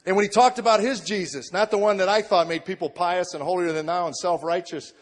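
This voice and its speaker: Man telling a testimony in a reverberant hall. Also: a little fast. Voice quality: repeats words when he starts sentences. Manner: mostly low and subdued, rising into shouted excitement. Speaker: comedian giving a testimony. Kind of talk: storytelling testimony to an audience.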